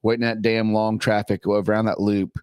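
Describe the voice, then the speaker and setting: A man's voice: on the low side, flat delivery, moderate pace, darkish tone, clean tone, dry recording. Cussing host guy, laid back blunt talk, dry mic. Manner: profane, laughing, blunt. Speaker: podcast host. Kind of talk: casual chat. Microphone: desk podcast mic.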